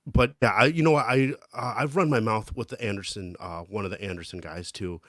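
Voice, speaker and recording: A man's voice: lowish voice, fairly quick, dry recording, clean studio sound. A man co-hosting a podcast, recounting stories in chatty casual talk. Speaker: podcast co-host, amateur hockey player. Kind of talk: casual chat.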